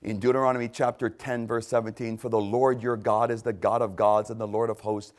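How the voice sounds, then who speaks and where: An older man preaching a sermon, animated, swinging between loud exclamations and hushed asides. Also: lowish voice, brisk. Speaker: pastor.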